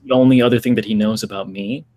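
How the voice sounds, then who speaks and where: Chatting casually as a guest on a livestream call, this twenty-something from the United States has a lowish, mellow voice and talks fast with fairly even intonation. He comes across as unsure and self-deprecating, filling his speech with ums and false starts.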